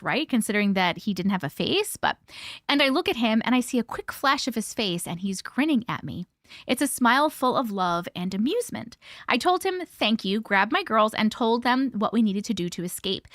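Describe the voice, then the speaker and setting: A woman's voice: on the high side, expressive, moderate pace, fairly bright tone, no echo, clean studio sound. A woman hosting a live stream, reading a listener's story aloud bluntly and expressively, with profanity and reactions. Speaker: host reading listener stories.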